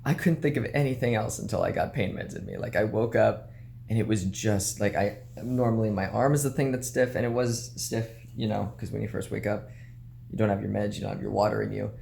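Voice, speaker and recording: A man's voice: on the low side, fairly even intonation, fairly quick, vocal fry, darkish tone, a little hiss or hum. A tired young man in a hotel room, talking in a crude, joking vlog monologue and laughing often. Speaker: vlogger.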